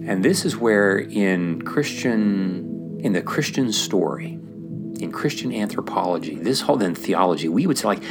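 A man talking about faith in a casual, animated way, often acting out the voices he quotes and using fillers like "like". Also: deep voice, normal speed, over music. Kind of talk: casual sermon-style chat.

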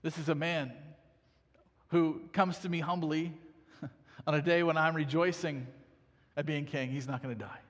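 A male preacher voicing a king who answers in a low, quiet, firm voice. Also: steady tone, a little slow, long pauses, long reverb tail.

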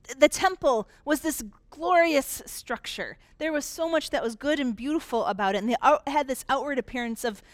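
A woman pastor delivering a conversational sermon, slowing into emphatic pauses on key points. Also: sits high, no echo. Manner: conversational preaching with dramatic pauses.

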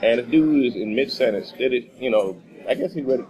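A middle-aged man from Texas telling a story as a radio guest, animated and laughing often. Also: mid-range voice, a little fast, poor audio. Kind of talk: casual storytelling.

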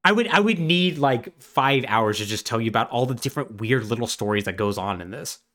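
A man's voice: mid-range voice, lively intonation, a little fast, fairly bright tone. Guy on a podcast going through a game story, lots of "like", voice bouncing up and down. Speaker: podcast co-host. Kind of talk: casual podcast chat.

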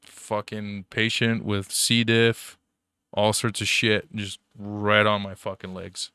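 A man's voice: on the low side, flat delivery, takes it slowly, bright, forceful tone, smooth, no echo, clean studio sound. A young man telling rambling, profanity-filled stories in casual chat, full of fillers.

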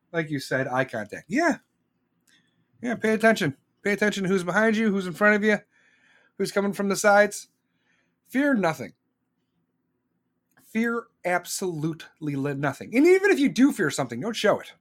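A man's voice: high voice, lively intonation, moderate pace, a bit bright. A man hosting a podcast, ranting in a blunt, profane monologue and repeating lines for emphasis. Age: adult with children. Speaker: podcast host.

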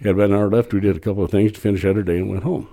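A middle-aged man, a podcast guest, telling a long rambling story in a casual, animated way with frequent restarts. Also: fairly low pitch, racing, creaky.

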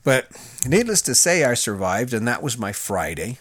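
A man's voice: medium pitch, big pitch swings, normal speed, fairly bright tone, breathy edge, dry recording, studio quality. A middle-aged man, a former prison officer, telling a personal story in a candid, plain-spoken way with restarts and fillers.

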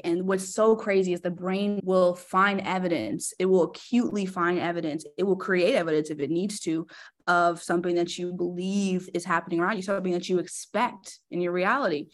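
Animated woman guest coach. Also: lowish voice, a little fast. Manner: animated, acts out emotions in quotes. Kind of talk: casual podcast interview.

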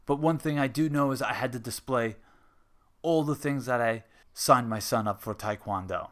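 A man's voice: mid-range voice, normal speed, a bit bright. A man in his thirties hosting his own show, talking frankly and casually, swearing often and questioning himself. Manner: frank, profane, self-questioning. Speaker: podcast host. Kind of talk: casual personal monologue.

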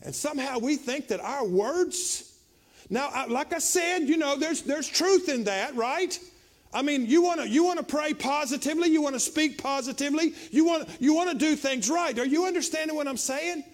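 Guy preaching, real high voice, repeats himself a lot, gets loud and shouty. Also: moderate pace. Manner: preaching with frequent repetitions, building to shouts. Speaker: pastor. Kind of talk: sermon.

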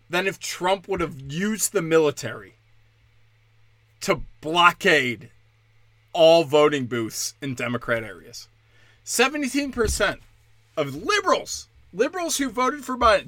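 A man's voice: a little high, sharp tone, dry recording. A man ranting in a heated, profane monologue as a podcast host, often slipping into mocking voices.

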